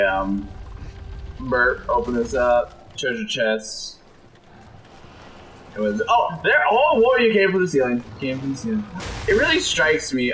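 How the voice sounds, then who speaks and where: A young man giving jokey, excitable let's play commentary, reacting to the game and putting on silly voices for the enemies. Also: mid-range voice. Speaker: gameplay commentator.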